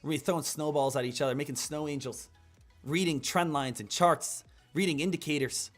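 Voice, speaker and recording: A man's voice: on the high side, steady tone, a little fast, soft background music. A man hosting a live day-trading stream, coaching viewers in an upbeat, repetitive hype style. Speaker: day-trading livestream host. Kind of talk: live market commentary and coaching.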